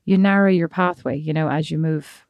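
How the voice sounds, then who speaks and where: A woman co-hosting a podcast with a lowish voice, thinking aloud and teasing. The sound is close and dry, with no room around it. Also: moderate pace, no room sound, lo-fi sound. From Ireland. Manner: reflective and teasing, with many fillers. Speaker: podcast co-host. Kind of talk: casual chat.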